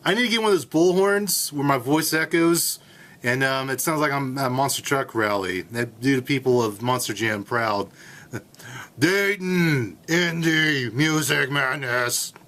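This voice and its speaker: A man's voice: mid-range voice, moderate pace, fairly bright tone. A man in his late twenties hosting a college radio show from the studio, joking around in a goofy, hammy way. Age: late 20s. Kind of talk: casual comedic radio hosting.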